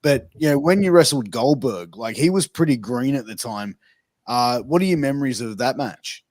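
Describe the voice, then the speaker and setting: A man's voice: mid-range voice, animated, normal speed, darkish tone. A man in a mid-range voice hosts the interview and asks his guest questions in an easy, loose way. He fills his phrasing with casual asides. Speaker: interviewer, host.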